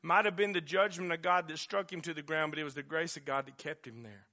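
A male pastor, preaching a sermon with passion, dropping to a hush and then rising loud again. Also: fairly high pitch, fast. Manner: impassioned preaching, swinging from hushed to loud.

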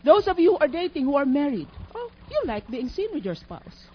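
Animated high-voiced woman preaching. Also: fairly quick. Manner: animated, emphatic, teacherly questions to the audience. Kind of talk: sermon. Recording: dull lo-fi recording.

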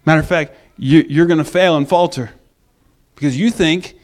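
A man preaching a conversational sermon in an animated way, acting out the quoted lines. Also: fairly high pitch, normal speed.

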